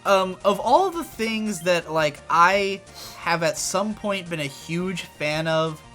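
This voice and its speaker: A man with a high, bright, lively voice trades dry quips in a casual co-host chat, with faint game music underneath. His pitch swings widely as he talks. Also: slow.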